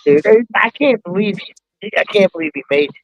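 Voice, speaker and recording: A man on a live stream panel, excitable and profane, pushing to show a video. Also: high voice, brisk, dry recording, lo-fi sound. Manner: excitable, eager, swears. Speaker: panel guest. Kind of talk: casual profane chat. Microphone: streaming call.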